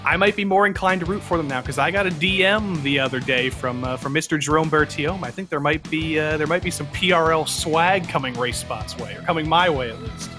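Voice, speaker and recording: A man doing live play-by-play commentary for an online racing league, joking and brisk. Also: fairly high pitch, music in the background.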